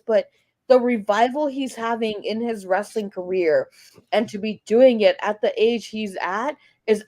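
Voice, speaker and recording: Gushing, emotional woman with slightly high voice. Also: dark tone. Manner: emotional, gushing, swears often. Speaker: podcast co-host. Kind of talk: casual wrestling chat.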